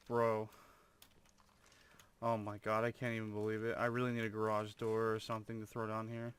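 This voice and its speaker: A man's voice: on the low side, monotone, moderate pace, long pauses, fairly bright tone, clear, resonant tone. A young man commentating his own gameplay, full of over-the-top amazement and swearing. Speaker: gamer.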